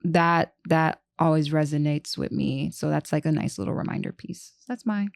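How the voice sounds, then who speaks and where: A woman co-hosting a casual chat podcast, talking in animated bursts with restarts and laughing asides. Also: low-pitched, normal speed, gravelly, no room sound. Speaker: podcast co-host.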